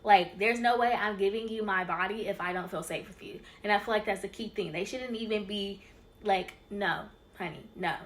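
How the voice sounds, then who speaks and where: A woman teaching spiritual ideas on her own channel in a casual, chatty way. She gets excitable and keeps talking straight to her viewers. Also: mid-range voice, fairly quick. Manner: addresses viewers as y'all and you guys. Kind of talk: casual teaching talk over slides.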